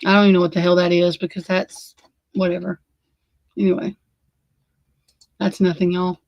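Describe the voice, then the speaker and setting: A woman's voice: lowish voice, flat delivery, moderate pace, gravelly, a little mellow, no echo. A woman hosting a casual true crime livestream, sleepy and yawning, rambling and swearing in exasperation as she talks to her chat. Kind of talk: casual live commentary.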